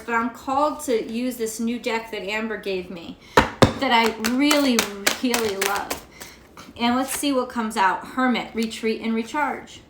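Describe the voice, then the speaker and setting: A woman's voice: a little high, heavy background noise. An American woman reading tarot cards in a casual vlog, rambling and cursing freely as she rants. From United States. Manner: profane ranting, rambling. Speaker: tarot reader. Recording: echoey room.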